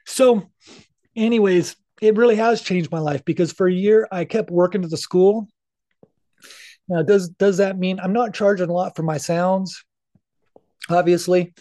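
A man's voice: high voice, unhurried, dark tone. A middle-aged man talking candidly as a podcast guest, earnest and casual, swearing now and then. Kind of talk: casual interview talk.

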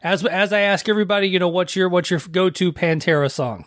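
Easygoing man host, somewhat high voice. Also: fast, a bit bright, dry recording, clean studio sound. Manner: loose, hesitant, filler-heavy. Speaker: podcast host. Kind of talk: casual interview.

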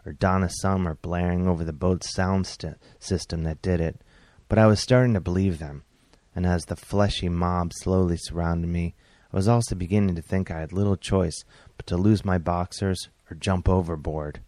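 A man, a comedian and author, reading his own comic story aloud in a wry, deadpan way with bursts of exasperation. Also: low voice, normal speed, no room sound.

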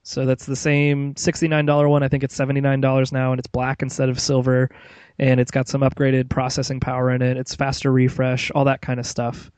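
A man's voice: medium pitch, completely flat delivery, fairly quick, a little mellow, clear, resonant tone, no room sound. A man hosting a casual tech podcast, chatty and rambling, with many fillers and restarts. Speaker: podcast host.

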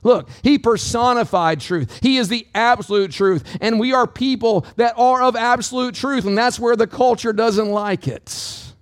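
High-voiced man preaching a sermon. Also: normal speed, hardly any pauses, no room sound, studio quality. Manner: preaching with call-outs to the congregation; dynamic delivery, swinging pitch and pace. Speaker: pastor.

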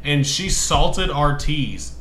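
A man's voice: a little high, expressive, slow, a bit bright. A man co-hosting a casual podcast, rambling through a story with many fillers and restarts. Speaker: podcast co-host. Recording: echoey room with faint noise.

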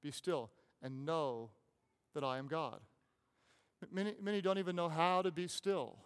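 Male pastor, fervent sermon delivery, slightly higher voice, long church reverb. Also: smooth. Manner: impassioned, repeats phrases, drops to soft pauses.

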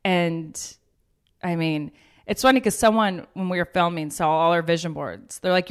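A woman in her thirties talking as a guest in a casual conversation, telling stories with lively acted-out quotes. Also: lowish voice, normal speed, clear, resonant tone. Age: 30s. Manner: animated storytelling, acts out quoted voices.

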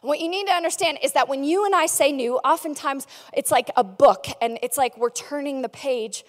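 A woman's voice: high voice, brisk. A woman pastor preaching a sermon in a large church hall, praying earnestly and teaching with playful, chatty asides. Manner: soft and earnest in prayer, lively and joking in teaching. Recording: long hall reverb.

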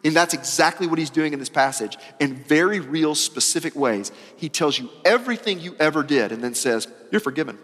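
Male pastor, high voice, emphatic casual sermon delivery, big hall reverb. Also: animated, fairly quick, few pauses. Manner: emphatic, repeats phrases, swings between loud and soft; casual, uses "y'all" and slang.

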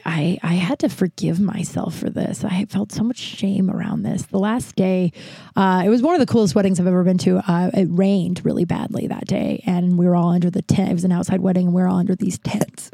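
A woman's voice: fairly low pitch, flat delivery, brisk, creaky, dark tone, no echo. A woman hosting a podcast, telling a personal story in a rambling, confessional way with wry, self-mocking asides. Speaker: podcast host. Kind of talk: candid personal monologue.

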